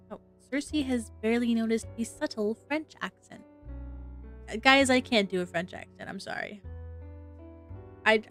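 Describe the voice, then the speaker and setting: Animated woman streamer reading aloud. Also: a little high. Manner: animated, chatty asides to viewers. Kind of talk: reading a visual novel aloud to chat.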